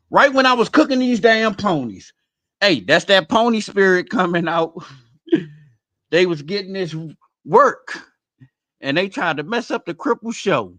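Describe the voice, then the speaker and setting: A man hosting a live stream, out of breath, talking in a loud, rambling, profanity-heavy way. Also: on the high side, dry recording. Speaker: host. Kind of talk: casual stream commentary.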